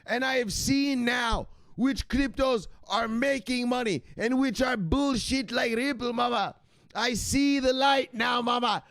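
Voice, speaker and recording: A man voicing an excitable crypto-obsessed man who yells at his mother and keeps repeating himself. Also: very high voice, measured pace, dry recording, studio quality, voice pushed up, exaggerated voice. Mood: hyped shouting. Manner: shouting, hyped, repeating "look, look".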